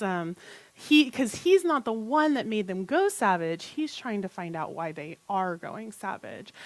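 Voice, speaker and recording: A woman minister giving a conversational sermon, telling a story in an animated way with chatty asides to the congregation. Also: medium pitch, no room sound, poor audio. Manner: animated storytelling, retelling a film plot.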